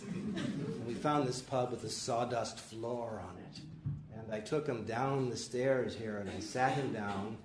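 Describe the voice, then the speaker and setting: A man at a lectern tells a personal story in a loose, conversational way, his voice dropping soft for asides. He is recorded live in an echoey lecture hall, with a faint hiss behind him. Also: medium pitch, a little slow. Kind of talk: anecdotal storytelling.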